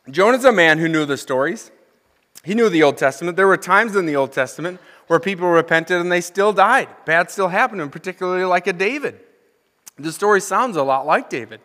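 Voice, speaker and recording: A man's voice: high voice, lively intonation, fairly quick, fairly bright tone. A young adult man, an associate minister, reading scripture and commenting with humor as he preaches, asking the congregation questions. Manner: conversational, asks the congregation questions. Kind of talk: sermon. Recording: long hall reverb.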